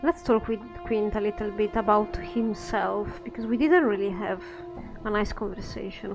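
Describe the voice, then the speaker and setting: A woman's voice: mid-range voice, moderate pace, creaky, over music. A woman commenting casually on her own game playthrough, chatty and self-deprecating. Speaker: let's play commentator.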